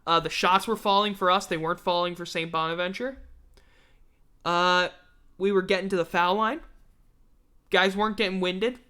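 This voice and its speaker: Sarcastic bright-voiced man, tired. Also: high-pitched, fairly even intonation, normal speed, pauses often, clear, resonant tone. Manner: blunt, sarcastic, profane. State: tired, yawning. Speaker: host of a sports podcast. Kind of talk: casual sports recap.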